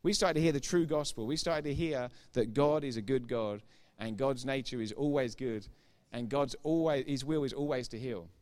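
A man's voice: mid-range voice, moderate pace, hardly any pauses. Man preaching his personal testimony. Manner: retells dialogue with repeated "I said, he said"; grows loud and emphatic when preaching. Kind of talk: sermon testimony.

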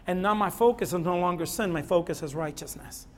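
A man's voice: sits high, a little fast. A man preaching a sermon as pastor, impassioned and repeating phrases for emphasis. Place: church sanctuary. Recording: long hall reverb.

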